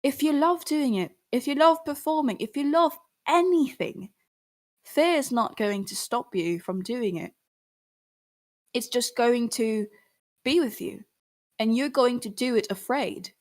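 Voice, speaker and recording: Young woman chatting on a livestream, earnest and encouraging, voice jumps up when she gets animated. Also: a little high, a little slow. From Philippines. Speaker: singer and artist answering fans. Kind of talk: casual livestream chat.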